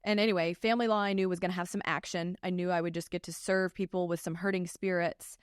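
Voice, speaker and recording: A woman's voice: lowish voice, quick pace, smooth, no echo, studio quality. Chatty woman lawyer telling stories. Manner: animated, frequent "like" and "um" fillers. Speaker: family law attorney, co-host. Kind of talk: casual podcast storytelling.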